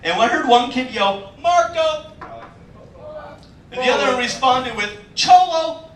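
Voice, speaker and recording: A man's voice: very high-pitched, fairly even intonation, fairly quick, a little hiss or hum. A man performing a stand-up comedy set, acting out the voices of people in his stories. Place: comedy club stage. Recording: echoey club, mic far, loud crowd laughter.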